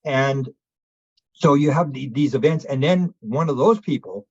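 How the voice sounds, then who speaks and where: A man's voice: medium pitch, measured pace, breathy edge, no room sound, highs cut off. A man who is a guest on an interview show, telling a long story with energy and acting out the people he quotes. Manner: acts out quoted witnesses in raised voices. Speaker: interview guest, UFO researcher. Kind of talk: animated storytelling.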